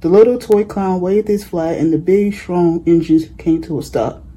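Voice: mid-range voice, normal speed, dark tone, slightly rough, low-quality recording. A reader narrating a children's picture book aloud in a plain storybook manner.

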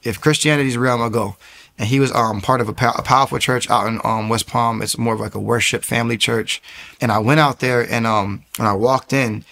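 Gravelly man telling a lively testimony. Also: medium pitch, brisk. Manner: animated storyteller acting out quoted voices; repeats words and restarts often. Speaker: testimony speaker. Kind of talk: casual personal testimony.

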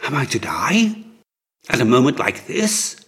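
A man reading the part of a gentle dying young prince who speaks weakly and urgently in an audiobook. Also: mid-range voice, huge pitch swings, measured pace, breathy edge, voice pushed up, exaggerated voice. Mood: pleading. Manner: weak, pleading, urgent.

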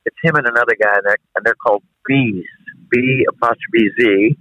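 A man's voice: medium pitch, brisk, bright, forceful tone, no room sound. A man, a guest rock singer, rambling loosely and laughing easily while on speakerphone in a car. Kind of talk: casual interview by phone. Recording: phone line from a car.

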